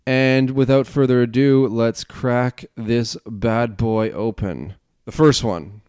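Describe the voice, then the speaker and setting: A man's voice: mid-range voice, steady tone, slow pace, darkish tone, clear, resonant tone, dry recording. A man hosting a casual solo podcast at home, rambling and chatty as he reviews a beer, with casual swearing. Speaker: podcast host. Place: home, at a desk.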